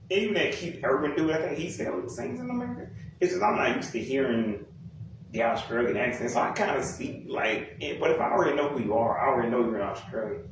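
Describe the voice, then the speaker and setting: Exasperated man ranting in an echoey room. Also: a little high. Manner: blunt, exasperated, profane, rambling. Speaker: music commentator. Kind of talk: casual ranting commentary. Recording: very echoey room, distant from mic, faint noise.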